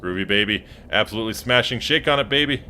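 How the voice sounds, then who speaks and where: A man's voice: lowish voice, quick pace, sharp tone, slight background noise. A man voicing a laid-back swinging-sixties character full of groovy slang. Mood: smooth.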